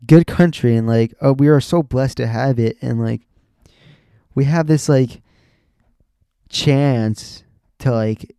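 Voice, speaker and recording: Young man, gravelly, dark, rambling podcast talk, lots of fillers. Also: mid-range voice, takes it slowly, pauses often, dry recording, clean studio sound. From USA. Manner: rambling, many restarts and "like" fillers, swears casually. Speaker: podcast host. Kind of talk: casual rambling monologue.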